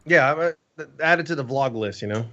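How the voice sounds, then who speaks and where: A man's voice: mid-range voice, animated, a little fast, sharp tone, highs cut off. A man co-hosting a casual politics chat, joking and laughing with the host.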